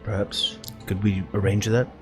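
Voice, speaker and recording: Halting low-voiced tabletop player. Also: male voice, little pitch movement, music in the background. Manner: halting, with many fillers. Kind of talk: playing a character in a tabletop game.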